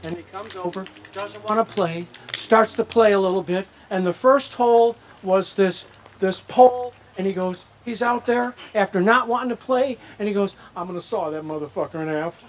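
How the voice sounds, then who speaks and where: A man's voice: high voice, moderate pace. An older man giving an anecdotal acceptance speech at an outdoor ceremony, rambling through stories and acting out the dialogue. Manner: rambling storyteller who acts out dialogue. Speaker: hall of fame inductee giving a speech. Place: outdoor ceremony at a disc golf course.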